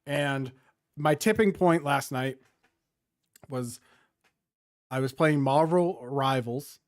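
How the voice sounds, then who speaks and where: A man's voice: mid-range voice, takes it slowly. A man co-hosting a gaming podcast, telling a long rambling story in casual chat. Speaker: podcast co-host.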